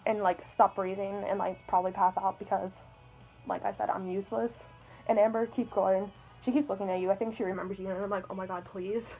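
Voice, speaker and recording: A woman's voice: medium pitch, flat delivery, a little fast, dark tone, soft background music, poor audio. Young woman, vlogger, rambling casual story, lots of swearing, self-mocking.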